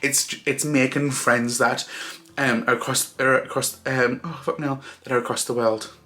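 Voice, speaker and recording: A man's voice: medium pitch, fairly even intonation, sharp tone. Tearful man vlogging. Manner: tearful, halting, many fillers and restarts. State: crying. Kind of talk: emotional casual vlog.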